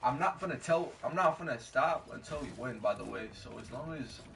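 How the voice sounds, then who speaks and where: A man streaming a game from home at night, talking in slang, getting excited and yelling trash talk at the game. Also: mid-range voice, a little fast, creaky. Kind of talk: casual gameplay commentary. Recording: distant mic with steady background noise.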